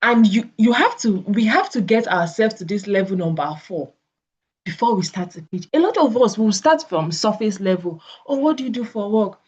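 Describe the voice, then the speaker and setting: Nigerian english woman, sales coach, lively acted-out dialogues, slightly dull lo-fi sound. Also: medium pitch, moderate pace, breathy edge. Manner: animated, acts out both sides of conversations. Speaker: network marketing coach.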